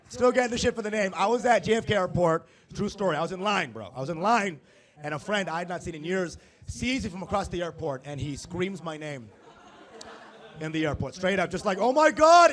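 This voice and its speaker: A young man performing stand-up comedy on stage, talking in a profane, animated way and tossing asides to the crowd. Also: high voice, a little fast. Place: comedy stage before a live audience.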